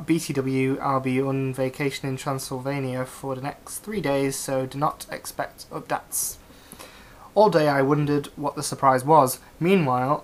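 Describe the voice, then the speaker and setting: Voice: mid-range voice, fairly bright tone. Dry, straight-faced comedic reader. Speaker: reader of fan fiction. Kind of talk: mock-serious comedic reading aloud.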